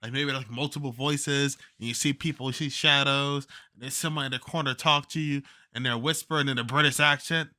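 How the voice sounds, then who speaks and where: Man, reaction host, bright sharp tone, dry close sound, loose profane commentary. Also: medium pitch, fairly even intonation, brisk, hardly any pauses, no echo. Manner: loose, profane, rambling with many fillers. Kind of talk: casual commentary over clips.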